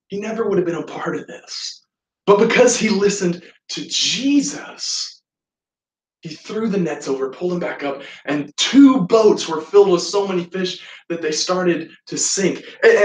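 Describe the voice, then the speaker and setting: A man preaching a sermon, telling a Bible story and acting out its lines. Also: sits high. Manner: storytelling preacher, acts out quoted lines with voices. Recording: echoey room, from a distance.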